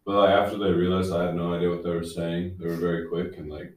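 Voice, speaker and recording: A young man with a very deep voice chats hesitantly with a student group, full of fillers. He sits well back from the mic. The room around him is very echoey. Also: flat delivery, fast, darkish tone, far from the mic, slight background noise. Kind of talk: casual chat.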